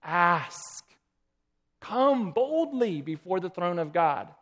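A man's voice: sits high, big pitch swings, takes it slowly, fairly bright tone. A man preaching a sermon, asking the congregation questions and reading quotations aloud.

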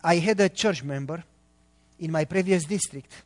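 Middle-aged male pastor, high voice, emphatic sermon delivery, long hall reverb. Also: normal speed. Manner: emphatic, quizzes the congregation with questions.

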